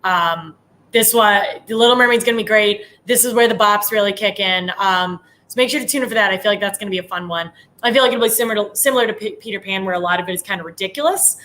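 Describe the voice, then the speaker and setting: A woman's voice: mid-range voice, fast talker, a bit bright. Easygoing woman co-hosting a podcast. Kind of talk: casual chat.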